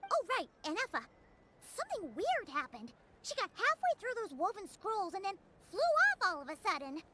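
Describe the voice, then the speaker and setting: Small floating game sidekick, shrill and excitable. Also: female voice, normal speed, heavy background noise, full character voice. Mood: flustered. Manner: squeaky, panicky, talks about herself in third person. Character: tiny excitable female floating companion.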